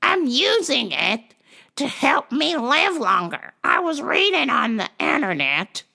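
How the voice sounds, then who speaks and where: A woman's voice: sits high, big pitch swings, slow, gravelly, pushed and bright, voice pushed up, heavily acted. A woman voicing a panicky, gullible woman caller who pleads frantically. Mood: frantic.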